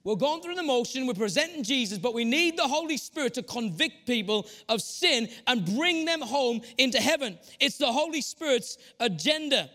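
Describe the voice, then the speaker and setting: A man's voice: very high voice, expressive, normal speed, hardly any pauses, bright, forceful tone. A man preaching a sermon, telling stories from his own life and changing his pace often. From Northeast England.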